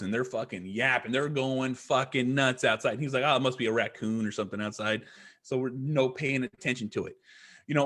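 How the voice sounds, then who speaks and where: A man's voice: mid-range voice, breathy edge. A man, a podcast guest, tells a rambling story in casual chat, swearing constantly and hammering his points. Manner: profane, rambling, emphatic.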